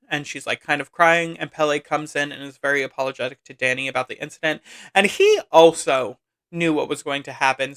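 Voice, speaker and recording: A man's voice: a little high, pushed and bright, clear, resonant tone. A man hosting a podcast, chattily recapping a film with lots of asides and "like.". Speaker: podcast host.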